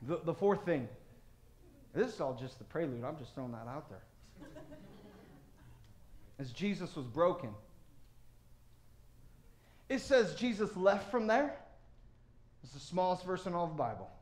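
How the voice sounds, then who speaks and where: A man preaching a sermon as pastor, moving between loud, fervent passages and low, quiet emphasis. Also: very animated, unhurried, pauses often, echoey room.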